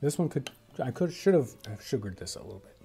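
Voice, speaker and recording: A man hosting a cooking show, chatting casually as he tastes food, relaxed and repeating words as he thinks. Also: medium pitch, quick pace, creaky, soft background music. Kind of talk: casual tasting chat.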